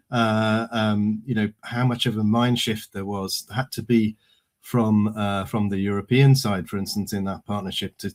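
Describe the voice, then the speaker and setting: Moderator, male, lowish voice, halting and filler-heavy, video call. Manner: hesitant, lots of fillers. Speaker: webinar moderator. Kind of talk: moderating a webinar.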